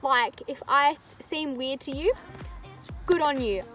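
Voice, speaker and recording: A woman's voice: high voice, slow, fairly bright tone, faint music behind. A young woman, chatting candidly to camera in a rambling vlog. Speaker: vlogger. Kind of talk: casual chat to camera.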